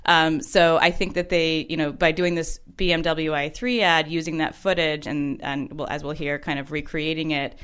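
A woman's voice: deep voice, level tone, moderate pace, few pauses, a bit bright, clean tone. A woman co-hosting a casual chat show about commercials, explaining at length in a thoughtful, wordy way. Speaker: podcast co-host.

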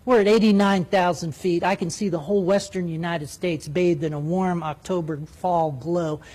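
Animated storytelling male pilot. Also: sits high, normal speed. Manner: animated, acts out radio calls. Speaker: military jet pilot. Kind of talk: spoken storytelling.

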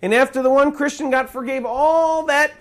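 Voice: sits high, fairly even intonation, normal speed. Emphatic preacher working through verses. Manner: emphatic, reads verses then explains, stresses key words. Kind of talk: sermon.

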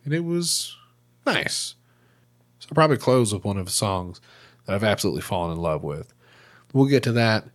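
A man's voice: on the low side, big pitch swings, normal speed, pauses often. A man hosting a podcast in a casual monologue, joking and swearing freely. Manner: profane and joking. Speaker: podcast host.

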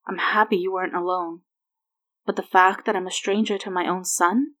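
A woman's voice: lowish voice, steady tone, moderate pace, fairly bright tone. A woman reading aloud and voicing a remorseful grown man who stammers and repeats himself as he struggles with his feelings. She keeps close to her own voice. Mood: emotional. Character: remorseful grown man, emotional former agent.

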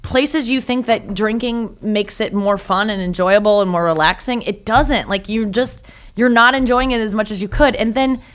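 A woman talking casually in an emphatic, animated way. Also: mid-range voice, normal speed, clear, resonant tone. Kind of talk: casual conversation.

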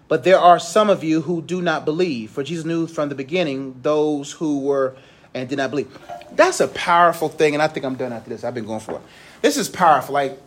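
A young man who teaches a class, reading scripture aloud and explaining it in informal, slangy talk. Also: a little high. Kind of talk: Bible lesson to a class.

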